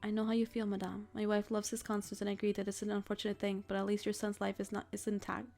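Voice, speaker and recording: Visual novel read: woman reading a calm doctor, soft, slow, consoling, slight fry. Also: mid-range voice, natural voice. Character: calm, measured male doctor.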